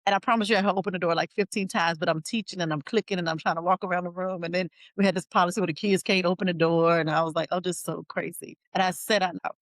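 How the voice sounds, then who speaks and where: Animated woman podcast host. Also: on the low side, rapid-fire, few pauses, no echo. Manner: animated storytelling, acts out quotes. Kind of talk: casual chat.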